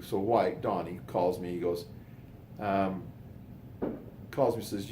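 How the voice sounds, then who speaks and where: A man's voice: sits low, steady tone, moderate pace, pauses often, a little mellow, slight background noise. An older man telling personal stories in a casual, rambling way, often repeating words and going off on asides. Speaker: storyteller.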